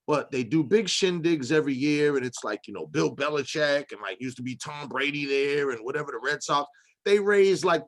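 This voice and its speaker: A man hosting a casual panel discussion, rambling with many fillers and restarts. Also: mid-range voice. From Boston. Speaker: discussion host.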